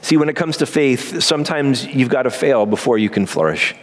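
A man preaching a sermon as pastor, earnest and emphatic, with quick asides and slow pauses. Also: medium pitch, animated.

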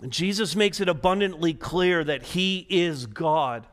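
Male pastor mid-sermon, fairly high voice, dynamic delivery from hushed to urgent. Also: measured pace. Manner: swings between quiet, low emphasis and rising, urgent intensity. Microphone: preaching to a live congregation, also streamed online.

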